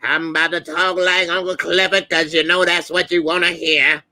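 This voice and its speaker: A man putting on the voice of a flamboyant, loud strip club owner with a big, sassy delivery. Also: a little high, level tone, normal speed, voice pushed up. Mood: teasing.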